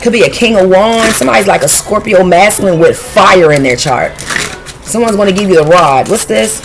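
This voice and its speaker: A woman reads tarot cards in a loose, off-the-cuff way, cursing freely and talking to her viewers in a blunt, streetwise tone. Her voice sits at an ordinary middle pitch. Clear background noise runs under the recording. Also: a little fast. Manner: blunt, profane, streetwise and animated. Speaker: tarot reader. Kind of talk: casual intuitive tarot reading.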